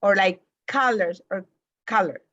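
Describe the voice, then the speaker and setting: A woman's voice: medium pitch, measured pace, sharp tone. A woman student asking questions in class, hesitant and searching for words. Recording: muffled lo-fi recording.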